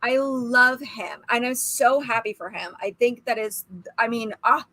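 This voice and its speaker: Woman, 30s, stream co-host; bright tone, a touch high, animated chatter. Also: moderate pace, no room sound. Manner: chatty, laughs often, animated storytelling. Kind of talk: casual livestream chat.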